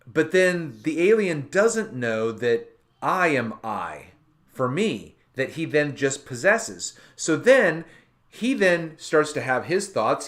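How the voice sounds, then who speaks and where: A man talking casually as the host of a hangout show, circling around his point. He rambles and restarts often, thinking out loud as he goes. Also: mid-range voice. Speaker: podcast host. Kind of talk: casual chat.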